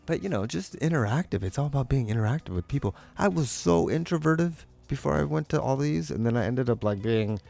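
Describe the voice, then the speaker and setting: A man, a live painter, talking in a rambling, animated way and acting out quotes in high voices. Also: brisk, gravelly, few pauses, soft background music. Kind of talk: casual monologue.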